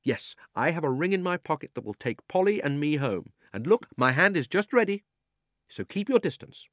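A bold young boy shouts warnings in a defiant voice, with a man putting him on. The pitch sits high above the reader's own and the voice is loud. The sound is dry and close. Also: animated, moderate pace, no room sound, natural voice.

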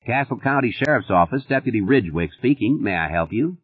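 A bored small-town deputy drawls in a relaxed New England accent, as a male narrator voices him. His delivery is unhurried and comfortable, with a husky edge and a lively lilt, heard through a thin, phone-like band. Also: mid-range voice, pitched above the performer's own voice.

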